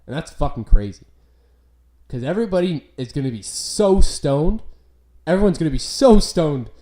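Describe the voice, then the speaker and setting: A young man hosts a laid-back podcast, his voice low in brightness and warm. He rambles loosely, swears freely and leans on "like" between thoughts. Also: animated, normal speed. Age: young adult. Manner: rambling, profane, full of "like" fillers. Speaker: podcast host. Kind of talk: casual chat.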